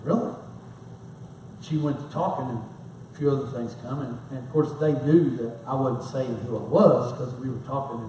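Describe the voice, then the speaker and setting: A man's voice: mid-range voice, steady tone, brisk, dark tone, a little hiss or hum. A middle-aged man preaching a sermon as a pastor, telling rambling, folksy stories with self-mocking humor. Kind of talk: storytelling sermon. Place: church sanctuary. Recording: very echoey hall, mic far off.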